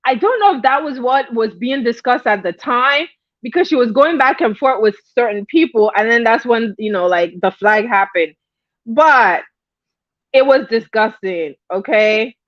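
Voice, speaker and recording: A high-voiced woman gossips casually to her livestream viewers and breaks off to greet them by name. She laughs a lot as she tells the story. The sound is dry and dull, like lo-fi stream audio. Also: no room sound. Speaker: livestream host.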